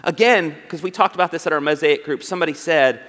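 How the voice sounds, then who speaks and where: A man preaching in a church, speaking in a fairly high voice. He chats his sermon, jumps up in pitch when he acts out quoted lines, then goes soft and earnest. The big room gives his voice a long reverb tail. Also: fast. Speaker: pastor. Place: church sanctuary.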